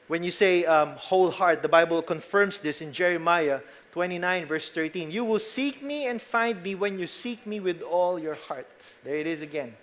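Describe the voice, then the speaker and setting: Earnest high-voiced Filipino man preaching. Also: normal speed, slight background noise. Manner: earnest, varies emphasis, drops soft at phrase ends. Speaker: pastor. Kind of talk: sermon.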